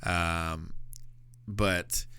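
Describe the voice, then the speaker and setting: A man co-hosting a podcast in casual chat, quick with corrections and wisecracks. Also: low-pitched, steady tone, sharp tone, clear, resonant tone, no echo. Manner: chatty, quick with corrections and jokes. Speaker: podcast co-host.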